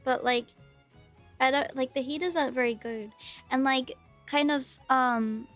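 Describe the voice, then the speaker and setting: Aussie girl vtuber yapping away on stream, high voice, keeps repeating herself, soft music in the back. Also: steady tone, measured pace. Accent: Australian. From Australia. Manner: chatty, rambling, repeats herself. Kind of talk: casual live-stream chat.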